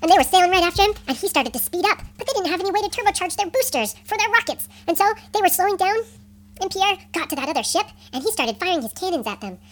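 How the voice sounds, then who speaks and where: Animated high-voiced woman telling bedtime stories. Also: fast. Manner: animated, asks listeners questions. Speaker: storyteller. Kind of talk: improvised bedtime story.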